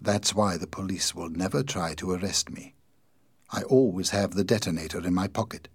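A man doing a coldly calm bomb maker. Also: low voice, moderate pace, breathy edge, dry recording. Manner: calm, cold, matter-of-fact.

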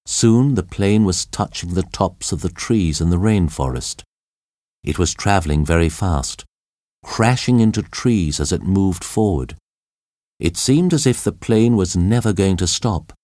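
A man narrating an audiobook story in a dramatic, expressive reading. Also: low voice, a little slow, dry recording, studio quality.

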